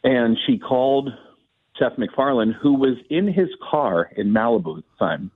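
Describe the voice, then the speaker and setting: A man's voice: mid-range voice, normal speed, husky, phone-quality sound. A male comedian telling a story as a guest and acting out the people in it. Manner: lively anecdote-teller who acts out the people he quotes. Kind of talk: animated storytelling.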